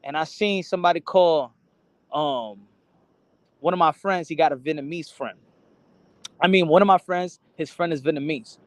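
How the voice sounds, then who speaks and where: High-voiced man in a rambling, profane rant. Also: moderate pace, pauses often, dry recording. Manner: rambling and profane, stammers and repeats words; mixes in Spanish phrases. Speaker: boxing channel host. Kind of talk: casual rant to camera.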